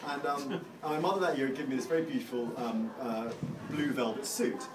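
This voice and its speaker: A middle-aged man giving a eulogy for his father, telling funny stories in a halting, self-deprecating way with many restarts. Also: mid-range voice, noisy background. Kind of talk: anecdotal speech to a crowd. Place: large room at a funeral gathering. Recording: roomy hall, distant mic, audience laughter.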